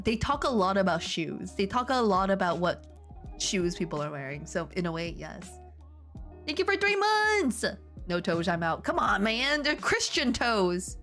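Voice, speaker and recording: A young woman reads fanfiction aloud and cuts in with sarcastic, disbelieving asides. Her voice is mid-pitched, with faint music behind. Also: very animated, moderate pace, a bit bright. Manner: sarcastic, incredulous. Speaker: channel host. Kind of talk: reading fanfic aloud with commentary.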